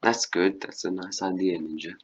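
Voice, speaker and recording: A man doing casual gameplay commentary as a let's play host, excitable and chatting to the animals in his game. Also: deep voice, normal speed, highs cut off.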